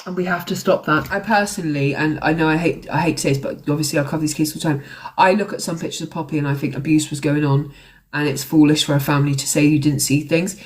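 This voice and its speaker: A woman's voice: deep voice, steady tone, fast. A woman hosting a true crime livestream, talking in an angry, ranting way. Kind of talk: live-stream commentary.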